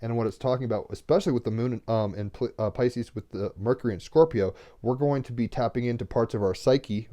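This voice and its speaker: A man's voice: medium pitch, fairly quick, few pauses, mellow. A young man reading cards on a home livestream, talking earnestly and rambling, sometimes near tears. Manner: rambling, earnest, fillers like "like" and "right?". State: tearful, getting emotional. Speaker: tarot card reader. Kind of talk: casual spiritual livestream talk.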